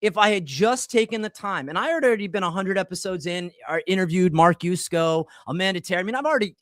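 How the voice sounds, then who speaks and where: A man in his forties hosting a casual podcast chat, telling animated, rambling stories full of restarts. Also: sits high, fast, no room sound, studio quality. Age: 40s. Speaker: podcast host.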